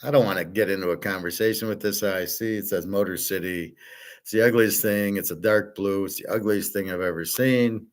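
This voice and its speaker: A man's voice: on the low side, fairly even intonation, brisk. Blunt, opinionated man rambling. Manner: blunt, opinionated, with frequent fillers and restarts; mimics others in quoted asides. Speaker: host. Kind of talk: casual rambling monologue.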